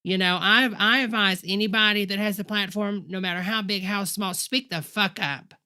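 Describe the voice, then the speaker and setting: A woman's voice: mid-range voice, steady tone, moderate pace, bright, forceful tone, clean tone, natural voice. A woman playing a sassy, foul-mouthed church-leader character who rants in a rambling way and calls her viewers honey, in a comedic livestream. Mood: outraged. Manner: profane, rambling ranting, calls listeners honey.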